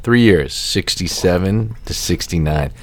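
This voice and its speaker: A man's voice: deep voice, animated, a little slow. A man in casual chat, reacting, laughing and reading out facts.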